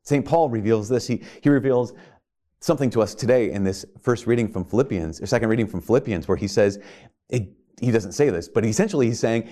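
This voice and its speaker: A man's voice: medium pitch, expressive, a little fast, mellow. A man preaching a sermon, earnest, asking his listeners rhetorical questions and often restarting his sentences. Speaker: priest.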